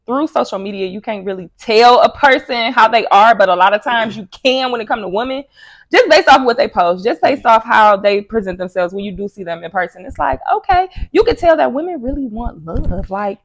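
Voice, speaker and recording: A woman's voice: fairly high pitch, expressive, a little fast, no echo. A young woman who is a mother of children, talking candidly as a podcast guest. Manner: candid, conversational. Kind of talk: casual chat.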